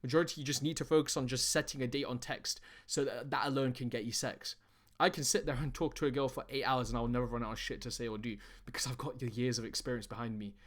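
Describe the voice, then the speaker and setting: A man's voice: mid-range voice, steady tone, fast talker. A young man presenting as a dating coach in an online lesson, talking bluntly with heavy profanity and calling his viewers guys and bro.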